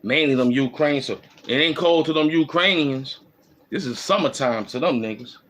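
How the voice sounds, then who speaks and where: A man's voice: medium pitch, moderate pace, fairly bright tone. A man hosting a casual walking vlog, giving loose, repetitive, slangy street advice. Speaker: host. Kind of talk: rambling streetwise monologue. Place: outdoors in the cold.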